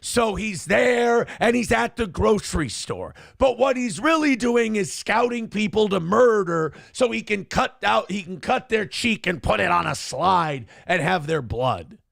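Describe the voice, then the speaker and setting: A man imitating an excitable man who shouts and blows small stories up into wild accusations. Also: sits high, a little slow, gravelly, few pauses, dry recording, studio quality, pitched above the performer's own voice, exaggerated voice. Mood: frantic. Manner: shouting, breathless, escalating exaggeration.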